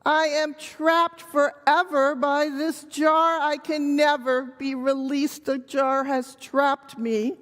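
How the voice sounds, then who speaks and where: A woman's voice: sits high, flat delivery, slow pace, hardly any pauses, fairly bright tone, big-room sound, soft background music, pitched above the performer's own voice. A woman voicing a greedy, frantic male monkey who hoards nuts, whiny and wailing.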